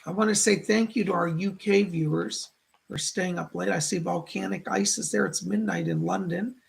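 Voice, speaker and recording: Gravelly-voiced man hosting a chatty livestream. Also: high-pitched, steady tone, moderate pace. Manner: chatty and effusive, greets viewers by name and reads their comments. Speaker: psychic livestream host. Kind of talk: casual live-stream chat.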